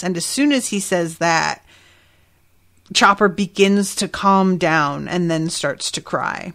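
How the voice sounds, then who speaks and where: A woman's voice: on the low side, slow, fairly bright tone. A woman hosting a podcast, recapping an episode in a chatty way with laughing asides and frequent fillers. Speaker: podcast host.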